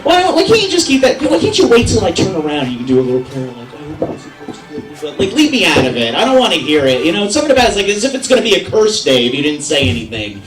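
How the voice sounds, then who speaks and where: A man's voice: high voice, wildly swooping pitch, racing, few pauses, over music. A young man performing a stand-up set, rambling in an agitated, self-mocking way. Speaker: stand-up comedian. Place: veterans hall at an open mic night. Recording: roomy hall recording from a distance with audience.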